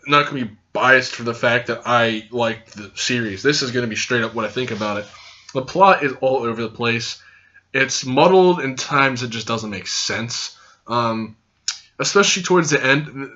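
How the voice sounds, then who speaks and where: A young man talks straight to his camera in a casual vlog review, with a bright, forceful edge to his voice. He is hyper and loud, rambles from point to point and swears freely. The sound is a little dull and lo-fi. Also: medium pitch. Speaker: host and reviewer. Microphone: camera recording.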